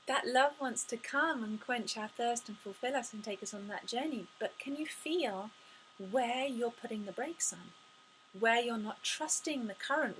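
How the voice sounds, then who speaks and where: A woman speaking as a spiritual life coach in an inspirational talk to camera, effusive and expressive, often sighing and gasping as she speaks. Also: a little high, a little hiss or hum, low-quality recording. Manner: effusive and expressive, with frequent sighs and gasps.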